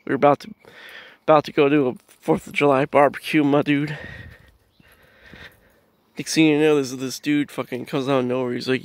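A man's voice: mid-range voice, flat delivery, moderate pace, pauses often, no room sound. A young man telling a rambling story in a casual vlog, swearing freely and laughing often as he walks his dog in the woods. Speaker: vlogger. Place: outdoors in woods, walking dog.

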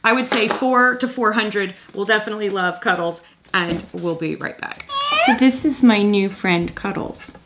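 A woman's voice: medium pitch, normal speed, heavy background noise. A woman in her thirties hosting a casual toy review vlog, chatty and playful, cooing at a toy kitten.

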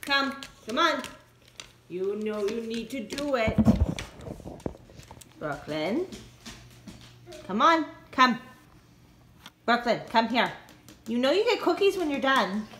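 A woman's voice: fairly high pitch, very animated, slow pace, long pauses, a bit bright. A woman vlogging at home, coaxing, scolding and praising her dogs while she trims their nails. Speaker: dog owner vlogger. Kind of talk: casual home video. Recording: noisy room with dogs and clicks.

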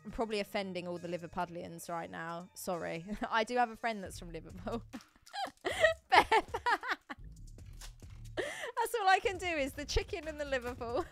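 A woman's voice: fairly high pitch, lively intonation, normal speed, pushed and bright, faint music behind. A woman chatting casually on a live stream, giggling as she opens card packs and answers viewers.

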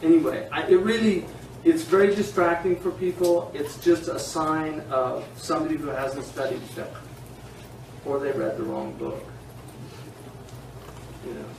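High-voiced man teaching in an echoey room. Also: measured pace, creaky. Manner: animated, digressive, laughs often. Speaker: teacher of Islamic law. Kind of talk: informal classroom lecture. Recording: echoey room, distant mic, faint hiss.

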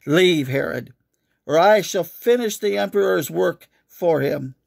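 A composed officer who gives orders without raising his voice, as a man reads him aloud in a storybook. His tone is low-key and sure, with a gravelly texture. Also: unhurried, no room sound, exaggerated voice. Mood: calm. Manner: calm, dry authority. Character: calm, commanding Roman officer, grown man.

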